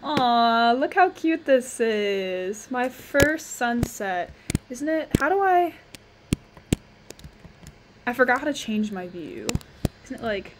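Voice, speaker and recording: A young woman giving casual, chatty commentary on her own gameplay, thinking aloud and quick to exclaim. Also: on the high side, expressive, noisy background. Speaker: gamer.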